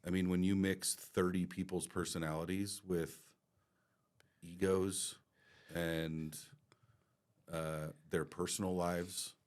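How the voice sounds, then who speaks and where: A man's voice: deep voice, level tone, takes it slowly. A man co-hosting a business podcast, talking candidly and casually with some swearing and repeated starts. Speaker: podcast co-host and company team member.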